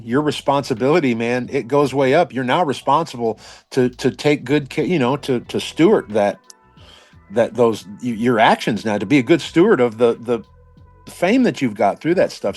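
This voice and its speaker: A man's voice: mid-range voice, darkish tone. A middle-aged male musician chatting casually as a guest, rambling and peppering his talk with "man". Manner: rambling, frequent "man", restarts and laughs. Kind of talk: casual chat.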